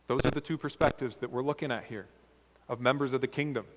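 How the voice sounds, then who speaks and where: A man's voice: medium pitch, heavy background noise. Earnest man preaching in a reverberant hall. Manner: earnest, measured preaching with rhetorical questions. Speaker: pastor. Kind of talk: sermon.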